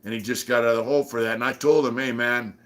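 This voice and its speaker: A man's voice: medium pitch, fairly even intonation, quick pace. Rambling, profane middle-aged man. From San Diego. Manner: rambling, profane, many fillers. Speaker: channel host. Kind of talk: casual livestream storytelling.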